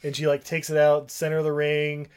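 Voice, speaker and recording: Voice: mid-range voice, completely flat delivery, brisk, a little mellow, smooth. Casual co-host, loose rambling recap, heavy fillers, jumps into character voices. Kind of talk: casual chat recapping a film.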